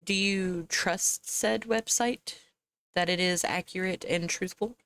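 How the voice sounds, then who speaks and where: A woman's voice: lowish voice, fairly even intonation, slow pace, fairly bright tone, clean tone. A young woman streaming a game, chatting casually with her viewers and laughing often as she plays. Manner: chatty, laughs often, talks to chat and to herself. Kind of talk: casual live-stream chat while gaming.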